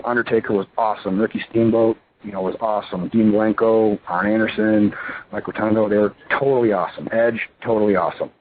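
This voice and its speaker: A man in his thirties, a pro wrestler and interview guest, talking in a rambling, excitable way full of fillers. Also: lowish voice. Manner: excitable, rambling, full of "you know" and "I mean". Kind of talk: casual phone interview. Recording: tinny phone line with faint hiss.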